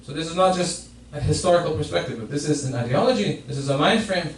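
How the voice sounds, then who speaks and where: Fast and on the high side, a man's voice carries a Friday sermon explaining a hadith, with frequent repeated and restarted phrases. The mosque prayer hall setting sounds echoey, the mic is far away, and there's faint noise.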